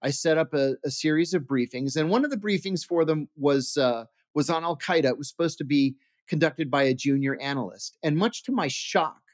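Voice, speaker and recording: A former CIA officer, appearing as a guest in an interview, tells anecdotes and acts out quoted dialogue, often restarting. His voice is a little high and brisk with few pauses, and the studio recording is clean with no room sound.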